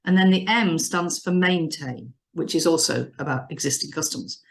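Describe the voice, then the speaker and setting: A woman business advisor explaining customer strategy in an animated, emphatic way, often restarting her phrases. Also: low-pitched, normal speed, gravelly. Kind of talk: business advice discussion.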